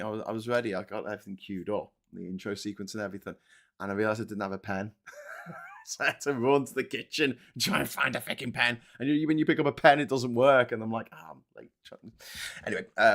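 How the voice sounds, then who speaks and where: A man's voice: mid-range voice, fairly bright tone. A man hosting a casual livestream, reading chat and rambling bluntly, with frequent swearing and fillers. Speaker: livestream host.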